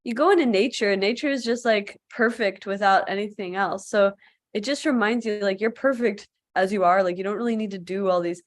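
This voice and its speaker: A woman's voice: medium pitch, a little fast. A woman yoga teacher hosting a casual live-stream chat, talking in a loose, chatty way with lots of filler "like", heard over a video call.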